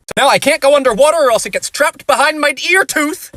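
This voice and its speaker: A man's voice: very high-pitched, fast, few pauses, bright, forceful tone. A man telling a comic story to camera in a dry, wry way with touches of mock outrage. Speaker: TikTok creator.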